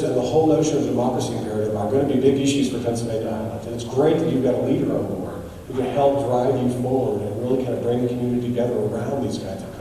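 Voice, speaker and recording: A man from the United States giving a keynote speech, telling stories in an animated, emphatic way. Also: mid-range voice, slight background noise. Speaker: guest speaker. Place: large hall. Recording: echoey hall, distant mic, faint ambience.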